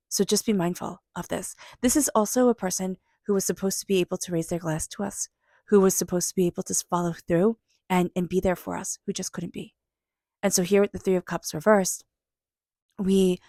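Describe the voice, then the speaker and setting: A woman's voice: medium pitch, gravelly, a little mellow, no room sound, studio quality. A woman giving an intuitive tarot reading, speaking earnestly and reflectively straight to her viewers. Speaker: tarot reader.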